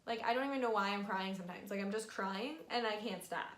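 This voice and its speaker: A young woman with a medium-pitched voice talks fast in a casual, frank explainer vlog about her fertility treatment, using lots of fillers. She's in a room at home, where the recording sounds echoey with faint music.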